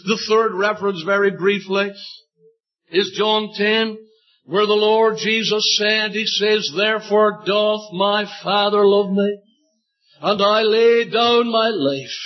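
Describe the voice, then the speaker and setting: A man preaching a sermon with fervent repetition, drawing out his words and rising to loud emphatic bursts. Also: high-pitched, highs cut off. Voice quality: fervent, repeats scripture lines for emphasis. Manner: slow, drawn-out preaching with sudden loud emphatic rises.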